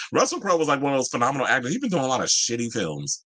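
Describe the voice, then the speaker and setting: Animated man with a bright, dry voice. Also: mid-range voice, fast, no room sound, rough recording. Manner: animated and chatty, reads and answers live chat, swears freely. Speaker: entertainment news show host. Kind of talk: casual pop-culture commentary.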